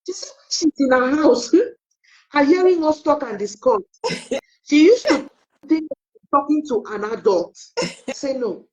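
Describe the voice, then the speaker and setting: Dull lo-fi middle-aged woman, lively storyteller. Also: high voice, a little slow, pauses often. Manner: animated storyteller who acts out quoted dialogue. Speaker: parenting coach. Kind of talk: live online talk, telling stories. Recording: dull lo-fi audio.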